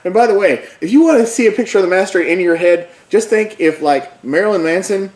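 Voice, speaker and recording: A man with a fairly high voice, talking casually as he rambles through a movie plot with joking asides. The recording has a noticeable roomy echo around him. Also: animated, fairly quick, a little mellow. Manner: rambling, jokey storytelling with asides. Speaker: podcast co-host. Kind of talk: casual movie recap chat.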